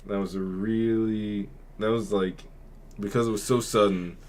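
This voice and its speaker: A man's voice: fairly low pitch, fairly even intonation, measured pace, darkish tone. A young man hosting a podcast, telling a personal story in a rambling, subdued way, full of filler words. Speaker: podcast host. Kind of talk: casual storytelling.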